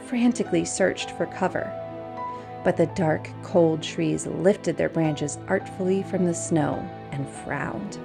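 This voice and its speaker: Slow, gravelly woman reading a storybook. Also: deep voice. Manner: gentle, unhurried read-aloud with soft hushed passages.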